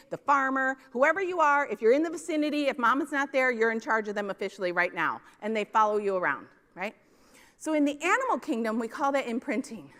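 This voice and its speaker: A woman's voice: fairly high pitch, a bit bright. A middle-aged woman from Minneapolis giving a conference keynote, telling stories and often asking the audience "right?". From Minneapolis, US Midwest. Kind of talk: keynote talk. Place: conference hall stage. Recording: large hall with long reverb.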